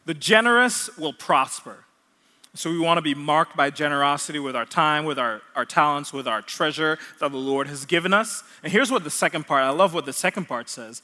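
A man's voice: on the high side, bright, forceful tone, big-room sound. A man from Jamaica preaching a sermon to young people, earnest and repeating his main points for emphasis.

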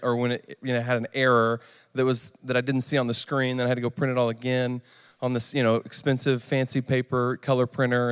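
A young man tells a group his personal story, halting and candid, full of restarts and filler words. His voice sits at an ordinary middle pitch. The sound rings with the long reverb of a large hall. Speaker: recovery group speaker.

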